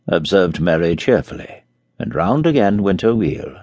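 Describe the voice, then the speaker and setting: A man gently reading a classic story aloud as an audiobook narrator, close to a studio mic. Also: deep voice, very animated, normal speed, no echo.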